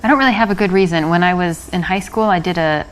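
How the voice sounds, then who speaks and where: A woman from the United States playing a soft-spoken young date in a video game. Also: on the low side, quick pace, natural voice, poor audio. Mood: easygoing. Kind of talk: scripted game dialogue.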